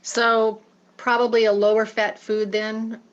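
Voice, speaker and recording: A woman's voice: a little high, flat delivery, unhurried. A woman joining a casual wine tasting on a video call, answering in short agreeing phrases. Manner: short agreeing replies, easy laughs. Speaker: participant in a virtual wine tasting. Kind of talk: casual group chat over a video call. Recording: dull, muffled video-call audio.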